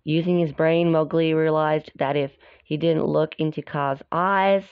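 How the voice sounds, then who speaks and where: A woman's voice: low-pitched, fairly even intonation, measured pace, clean tone, dry recording. A woman casually reading a storybook aloud, stopping to chat and comment on the pictures. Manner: chatty, stops to comment on the pictures. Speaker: storybook reader. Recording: dull, dry lo-fi recording.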